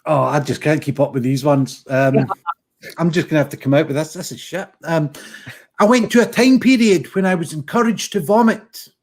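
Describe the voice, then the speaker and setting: A man with a high, husky voice telling puns over a video call. He runs himself down and warns the others beforehand that his jokes are bad. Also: moderate pace, darkish tone. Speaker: pun contestant.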